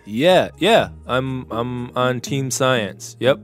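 A man's voice: mid-range voice, expressive, drawn-out words, soft background music. A man playing a tabletop role-playing game, awkward and stammering politely in character. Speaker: player.

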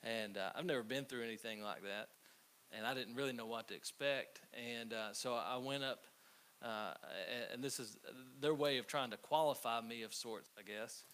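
A man preaching a conversational sermon, telling stories with halting restarts. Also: mid-range voice, a bit bright, smooth. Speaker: pastor. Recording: faint hiss.

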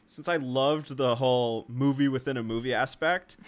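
A man's voice: mid-range voice, steady tone, moderate pace. A man co-hosting a film podcast, chatting casually, laughing often and rambling with lots of "like". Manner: laughs often, loose and rambling with many likes. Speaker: podcast co-host.

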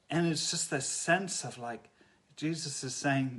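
A man speaks with an earnest, reflective tone about faith. His voice sits a little higher than most men's. He often stops short and restarts his sentences. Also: fairly bright tone. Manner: earnest, halting, many restarts. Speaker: Christian speaker.

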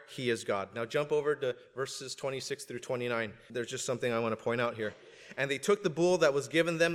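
A male pastor preaching a sermon, animated and joking at times, swinging up to loud emphasis. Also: fairly high pitch. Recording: long hall reverb.

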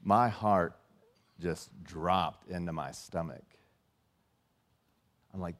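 A man's voice: slow, pauses often, a bit bright. A middle-aged man preaching a sermon, telling a personal story and acting out the dialogue in it. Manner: storytelling, acts out dialogue with rising and dropping pitch. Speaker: pastor.

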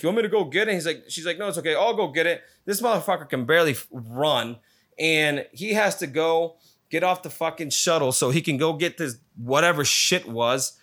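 Give me a man telling a story casually, swearing all the time, with a bright, forceful voice. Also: fairly high pitch. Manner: swears constantly, animated retelling.

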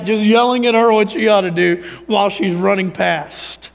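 Pastor guy preaching, high-ish voice with gravel in it, goes loud then real quiet. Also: steady tone, normal speed, hardly any pauses, big-room sound. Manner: preaching with swings from raised emphasis to quiet near-murmur. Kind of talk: sermon.

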